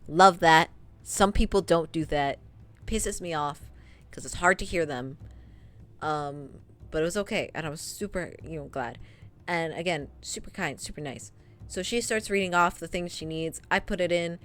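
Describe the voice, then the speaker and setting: A young woman streaming, telling a work story in casual chat, laughing often and filling pauses with ums. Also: on the low side, a bit bright. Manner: chatty, laughs often, many ums and trailing asides.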